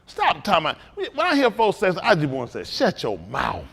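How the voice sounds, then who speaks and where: A man preaching as a pastor in a fiery talk, swinging from low mutters to loud outbursts. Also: huge pitch swings, fast.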